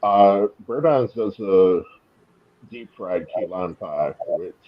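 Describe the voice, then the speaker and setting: Deep-voiced chef on a podcast. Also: male voice, slow, dull audio, a little hiss or hum. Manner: relaxed, with fillers, talks food. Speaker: chef guest. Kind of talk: casual podcast talk.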